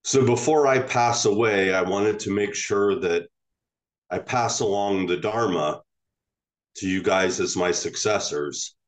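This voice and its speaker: A man's voice: on the low side, a little slow, natural voice. A man voicing Munan, an old ailing Zen master. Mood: earnest.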